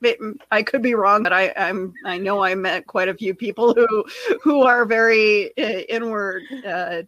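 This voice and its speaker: A woman chatting as a guest, halting and restarting her sentences. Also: mid-range voice, fairly bright tone, no echo, lo-fi sound. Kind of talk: casual chat.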